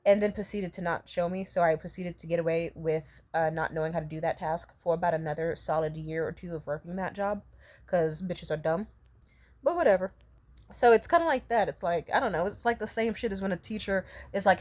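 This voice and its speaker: A woman's voice: mid-range voice, brisk. Young woman, casual storytime, rambling, profane, laughs often. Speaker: vlogger.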